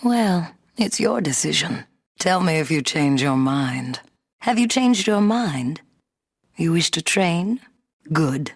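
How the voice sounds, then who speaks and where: A husky, stately summoner mentor. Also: female voice, low voice, lively intonation, full character voice. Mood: calm, stately. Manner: stately, measured. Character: proud veteran woman summoner, calm mentor. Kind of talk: game voice acting.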